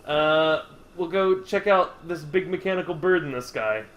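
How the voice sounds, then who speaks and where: A man's voice: a little high, moderate pace, a bit bright. A man hosting a casual game stream, chatting playfully and spinning absurd jokes.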